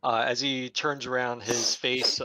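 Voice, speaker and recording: A man narrating a tabletop game as game master, with many pauses and fillers. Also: medium pitch, flat delivery, pushed and bright, no room sound.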